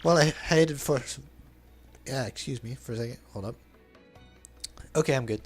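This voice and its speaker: A man's voice: medium pitch, normal speed, pauses often, faint music behind. A man giving casual, jokey asides while playing and dubbing a video game. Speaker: let's play commentator. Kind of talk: casual gameplay commentary.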